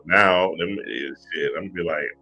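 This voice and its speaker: Deep-voiced man preaching casually. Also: fairly quick, lo-fi sound, soft background music. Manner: loose, profane, street-casual preaching with restarts. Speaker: spiritual motivational YouTuber. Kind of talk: casual motivational talk.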